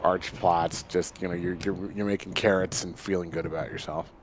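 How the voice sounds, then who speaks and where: Co-host, male, deep and hoarse, tired deadpan delivery. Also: normal speed, background noise. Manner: low-energy, deadpan. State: hoarse from a cough. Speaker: stream co-host. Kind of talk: casual chat.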